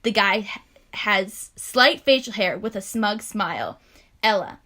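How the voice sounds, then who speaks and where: A woman's voice: medium pitch, animated, measured pace, bright, forceful tone. A young woman co-hosting a podcast, reading fan fiction aloud and often breaking into giggles. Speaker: podcast co-host.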